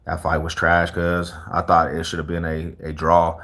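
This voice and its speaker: A man's voice: low voice, completely flat delivery, normal speed, fairly bright tone. A young man from Colorado chatting casually with viewers on a livestream, laid-back and full of street slang. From Colorado, USA.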